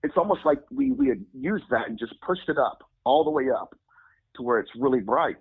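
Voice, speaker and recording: Man, interview guest, animated storytelling, husky voice, tinny phone-like sound. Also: a little fast. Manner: acts out quoted people with jumps in pitch. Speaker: guest demonologist. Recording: phone-like lo-fi audio.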